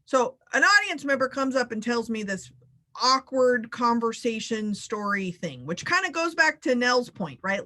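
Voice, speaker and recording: A woman leading a live online workshop over a video call, talking in an animated, playful way and swooping up high for emphasis. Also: unhurried. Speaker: workshop facilitator.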